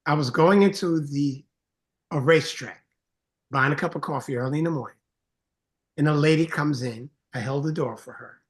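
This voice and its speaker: A man, a songwriter and producer, telling an earnest story in a casual interview, getting animated when he acts out greetings. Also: a little high, moderate pace, long pauses.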